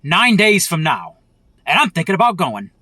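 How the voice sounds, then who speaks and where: A man's voice: sits high, big pitch swings, normal speed, bright, forceful tone, no room sound. A man delivering an angry, profane political rant as a vlogger, heated and repetitive.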